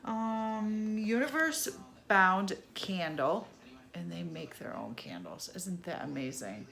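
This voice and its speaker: Speaking slowly in a low, gravelly but fairly bright and expressive voice, a middle-aged woman vlogs her subscription box unboxing. She's chatty, exclaims over each item, and laughs at her own mispronunciation.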